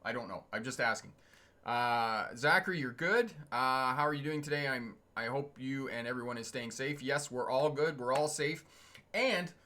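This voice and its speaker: On his relaxed livestream, a middle-aged truck driving instructor who hosts the channel spins stories in a bright, clear, mid-range voice. He wanders off on tangents, laughs frequently between tales, and breaks off at times to read and reply to chat comments.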